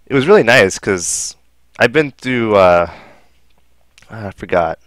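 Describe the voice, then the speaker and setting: A man's voice: on the low side, lively intonation, takes it slowly, a bit bright, dry recording. A man co-hosting a casual podcast who makes sarcastic jokes and offers his own anime-viewing stories. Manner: sarcastic, joking interjections. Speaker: podcast co-host.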